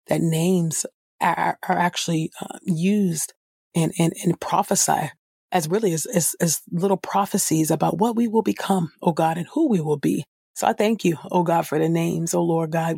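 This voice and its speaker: A woman's voice: low-pitched, gravelly, dark tone, slightly rough, no room sound, studio quality. A woman who reads scripture aloud and then leads a fervent, spontaneous prayer, often repeating "oh God" and restarting her phrases. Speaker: Bible reader and prayer leader.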